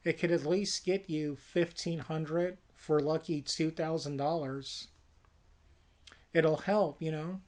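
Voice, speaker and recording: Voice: medium pitch, steady tone, slow, a little mellow, natural voice. A storyteller voicing an easygoing adult brother who talks in a matter-of-fact way. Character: laid-back brother, adult man. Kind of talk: casual spoken movie pitch.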